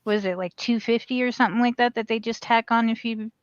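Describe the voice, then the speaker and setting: Woman co-host, playful storyteller, slightly high voice, dull lo-fi sound. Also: fairly even intonation, fast talker, a little hiss or hum. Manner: laughs often, joking and storytelling. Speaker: podcast co-host. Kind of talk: casual chat.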